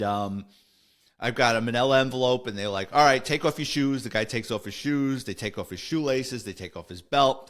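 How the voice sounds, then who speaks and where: Casually spinning stories on a podcast, a retired police officer in his later years wanders through them with many fillers and corrections of himself. His voice is medium in pitch and a touch bright.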